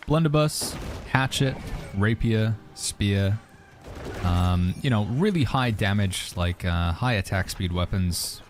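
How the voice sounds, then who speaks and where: Male streamer, lower register, easygoing gaming chat, faint music bed. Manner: relaxed, chatty, answers viewer questions while playing. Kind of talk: casual gaming commentary.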